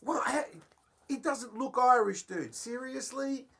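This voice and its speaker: A man co-hosting a comedy podcast, rambling and self-mocking, often trailing off into low mutters. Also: a little slow, creaky, a bit bright. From Australia. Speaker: podcast co-host, stand-up comedian. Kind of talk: casual comedic banter.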